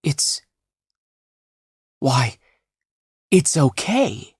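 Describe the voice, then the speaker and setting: A woman voicing a calm young man gently reassuring his injured friend in an audiobook. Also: extremely low pitch, extremely slow, breathy edge, dry recording, studio quality, pitched above the performer's own voice, full character voice. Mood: gentle. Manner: gentle, soothing.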